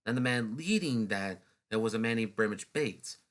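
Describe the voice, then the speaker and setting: A man's voice: lowish voice, animated, normal speed. A man narrating a history video in a loose, chatty way, with restarts and snarky asides. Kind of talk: casual unscripted history talk.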